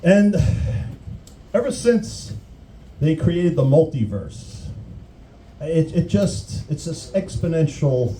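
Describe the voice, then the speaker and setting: Man, stand-up comic, crude, rambling, very dark timbre. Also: on the high side, expressive, takes it slowly, long pauses, slight background noise, rough recording. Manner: rambling, crude, self-interrupting. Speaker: stand-up comedian. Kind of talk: stand-up comedy routine.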